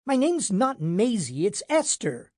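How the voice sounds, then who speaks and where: A man's voice: high-pitched, measured pace, no echo, studio quality, voice pushed up, full character voice. A man voicing a bored, impatient young female receptionist. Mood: indignant. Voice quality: flat, impatient.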